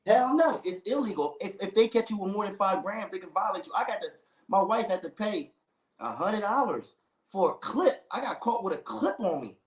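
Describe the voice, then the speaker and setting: A man telling a long story in casual chat, animated, full of slang, acting out the other people in it. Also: high voice, normal speed, echoey room, rough recording.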